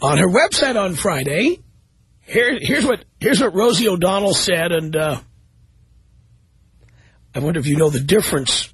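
Sarcastic high-voiced male radio host. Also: animated, normal speed, pauses often, fairly bright tone, slightly rough, dry recording. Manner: sarcastic, reading news items aloud with commentary. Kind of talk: talk radio monologue.

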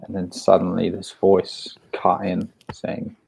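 A man with a low, heavily gravelly voice trades wry jokes in a relaxed chat. His sound is husky and rough, and he laughs easily. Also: normal speed, rough recording. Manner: wry, joking, laughs often. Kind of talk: casual conversation.

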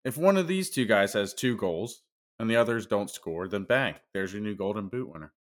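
A man with a lowish voice and lively intonation talks at a normal speed while co-hosting a sports betting podcast. He swaps brash, teasing banter with his partner as he reads out his picks in this casual betting chat.

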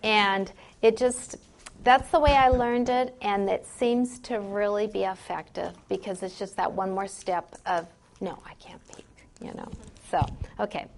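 A woman's voice: mid-range voice, steady tone. A woman leading a group workshop on memorizing Bible verses, chatty and encouraging, full of "like" and "you know". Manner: reads scripture aloud slowly. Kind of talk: classroom instruction to a group.

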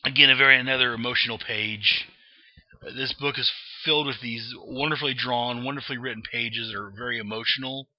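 This reviewer of comics describes one in a loose, rambling way, full of fillers and false starts. He has a mid-range, steady voice and talks fairly quickly, with no room sound on a dull, lo-fi recording.

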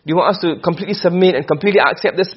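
A man's high voice races along with a breathy edge as he teaches a lesson on Quranic rhetoric in class. He poses questions and responds to them himself, and the recording is dull and lo-fi.

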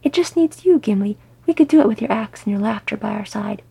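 A woman's voice: medium pitch, fairly quick, gravelly, husky, exaggerated voice. A woman voicing an eager young dwarf. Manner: excited, persuasive.

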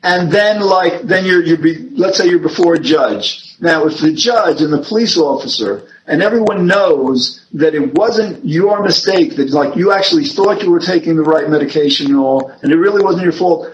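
Male host, explains with lots of "like", slightly high voice, dull lo-fi recording. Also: normal speed, few pauses. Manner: explains with many fillers, hesitant restarts. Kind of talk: casual explanatory discussion. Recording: dull lo-fi with faint noise.

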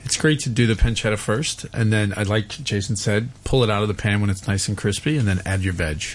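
Man, low pitch, easygoing, practical, casual radio chat. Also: fairly quick. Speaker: radio co-host.

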